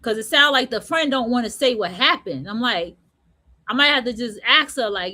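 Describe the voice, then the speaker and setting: A woman hosting an online radio show, talking in a high voice. She tells stories in a blunt, profane, slang-heavy way. The delivery is loose, like a casual monologue. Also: animated, normal speed, sharp tone. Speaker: host.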